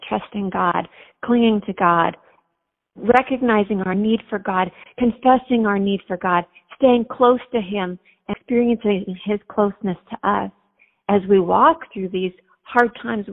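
Earnest woman guest, gravelly mid-pitched voice, tinny phone-like sound, heartfelt storytelling. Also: big-room sound. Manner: earnest, faith-focused, chatty with fillers. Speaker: podcast guest.

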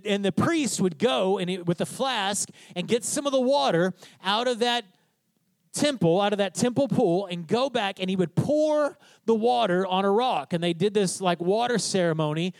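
A man with a high, bright voice preaches a sermon, telling the story with energy and acting out quoted lines. The sound is close and dry, with no room echo. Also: moderate pace. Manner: animated storytelling preacher, acts out quotes, asks "tracking?". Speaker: pastor.

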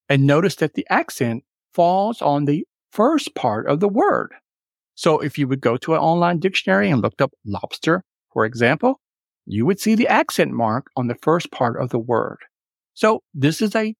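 A man teaching English exam tips in a recorded webinar, explaining clearly and spelling things out slowly. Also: on the high side, no echo, studio quality.

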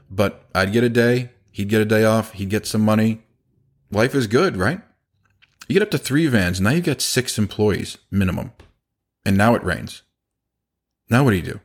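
Low-voiced man telling work stories. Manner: conversational, acts out quoted dialogue. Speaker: business owner. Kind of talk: casual storytelling talk.

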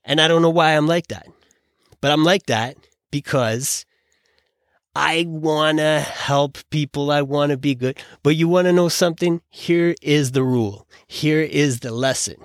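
A man's voice: fairly high pitch, a little slow, no room sound, studio quality. A man hosting a podcast, ranting casually in an opinionated, exasperated way, rambling with lots of restarts and fillers. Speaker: podcast host.

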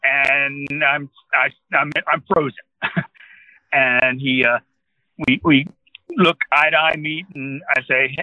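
A man's voice: medium pitch, level tone, slow pace, no room sound, muffled recording. A man in his sixties from New Jersey, a guest telling a long rambling anecdote in casual conversation. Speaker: interview guest. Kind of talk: casual storytelling.

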